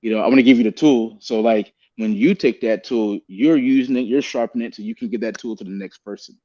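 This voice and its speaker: A man's voice: mid-range voice, quick pace, dark tone. Guy on a podcast talking earnest and rambly, keeps saying man, dull lo-fi sound. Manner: earnest, rambling, peppers speech with "man" and "bro". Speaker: guest. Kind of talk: candid podcast conversation.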